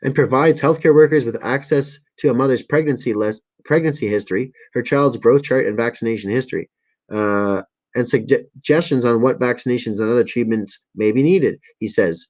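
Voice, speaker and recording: A man at a middle pitch hosts a loose livestream chat. He reads articles and comments aloud, trips over words, corrects himself and swears freely. He sounds a bit tired. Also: fairly quick, darkish tone, low-quality recording. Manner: stumbling, self-correcting reading with frequent swearing. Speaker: livestream host. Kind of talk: casual live-stream chat, reading articles and viewer comments.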